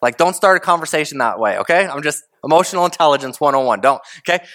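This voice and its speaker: Preaching fast and expressively, a pastor gives a conversational sermon full of rhetorical questions. He shifts from loud emphasis to quiet, low asides.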